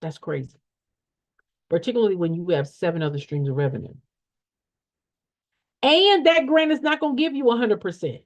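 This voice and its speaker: A woman coaching an audience on nonprofit funding, blunt and preachy, who repeats her points and asks rhetorical questions in folksy, slangy talk. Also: high voice. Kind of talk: emphatic motivational teaching. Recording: dull lo-fi sound.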